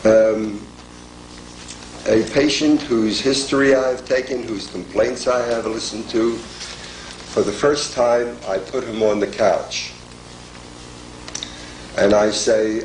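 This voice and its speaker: An older man delivers a formal lecture at a very unhurried pace, his voice sitting a little low. He measures each phrase and pauses often. The sound is roomy and echoey, with a faint hiss behind it. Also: steady tone. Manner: measured, deliberate, pausing often. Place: lecture hall.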